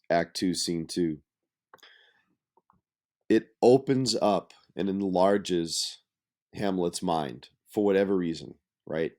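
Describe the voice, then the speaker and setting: A man lecturing on a play, explaining slowly and reading quoted lines aloud with emphasis. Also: low-pitched. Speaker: teacher. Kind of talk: literature lecture.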